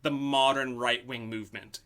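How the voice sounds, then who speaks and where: A man's voice: medium pitch, steady tone, normal speed, a bit bright. A man hosting a podcast, telling a story in casual chat, full of "um" and "like". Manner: storytelling with many "um" and "like". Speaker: podcast host.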